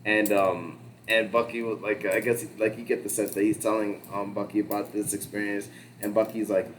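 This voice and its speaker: A man's voice: lowish voice, flat delivery, normal speed, slight background noise. A man talking loosely as a podcast co-host, rambling through a show recap with lots of fillers, restarts and casual swearing. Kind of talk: casual pop-culture discussion.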